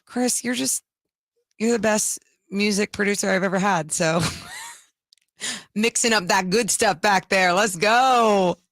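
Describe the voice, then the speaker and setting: A woman's voice: mid-range voice, slow, a bit bright, no room sound. A young woman co-hosting a sports radio show, giggly and teasing in casual chat from a studio mic. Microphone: studio microphone.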